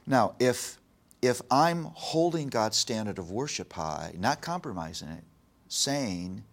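A middle-aged man speaking earnestly in an interview, preaching with emphasis and softly retelling conversations with his child. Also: fairly low pitch, big pitch swings, slow pace. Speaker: guest, Christian author on parenting. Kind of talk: earnest interview talk with told anecdotes.

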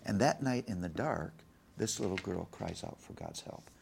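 A middle-aged man speaking earnestly in an interview, preaching with emphasis and softly retelling conversations with his child. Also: low-pitched, wildly swooping pitch, normal speed, gravelly, a little hiss or hum. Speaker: guest, Christian author on parenting. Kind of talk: earnest interview talk with told anecdotes.

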